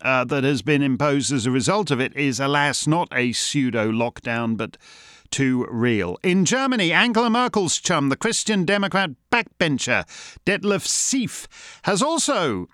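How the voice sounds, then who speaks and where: A man's voice: a little high, big pitch swings, moderate pace, fairly bright tone, no echo, studio quality. A man hosting a satirical monologue, sardonic and mocking in manner. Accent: Canadian. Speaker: host.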